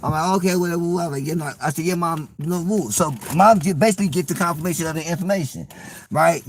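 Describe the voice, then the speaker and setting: Young man, casual storytelling, slangy, animated, slightly high voice. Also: fast.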